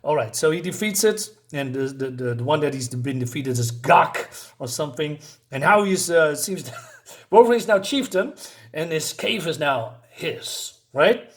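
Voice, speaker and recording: A man's voice: fairly high pitch, lively intonation, unhurried. A man casually reviewing a comic book, hesitant with many fillers and frequent chuckles.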